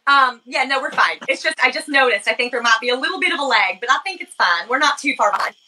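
A woman's voice: high voice, lively intonation, fast, pushed and bright, slight background noise, low-quality recording. A woman hosting a podcast, chatting with her guest and gushing enthusiastically. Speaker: podcast host. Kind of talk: casual chat.

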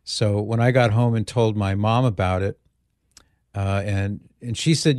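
Low-voiced middle-aged male radio host. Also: normal speed, dry recording, studio quality. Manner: storytelling, relaxed with fillers. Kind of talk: casual talk radio chat. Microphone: studio microphone.

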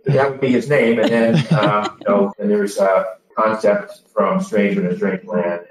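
A man talks low and unhurried as a podcast guest, pausing on fillers and restarting his thoughts. He sits back from the mic in a roomy space, so his voice carries an echo. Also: fairly even intonation, recorded from a distance, a crowd in the background. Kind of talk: relaxed interview talk.

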